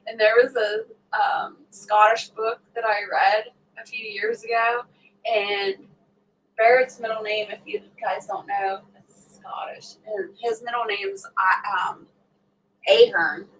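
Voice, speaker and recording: A middle-aged woman hosting a casual livestream speaks in a medium-pitched, slightly bright voice. She chats, laughs with her viewers, and performs what others said. The audio has faint background noise, and her voice is a bit far from the mic.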